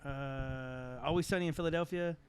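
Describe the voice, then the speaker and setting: A man's voice: medium pitch, moderate pace, clean tone. A man in a casual podcast chat, needling the others with mock-serious remarks.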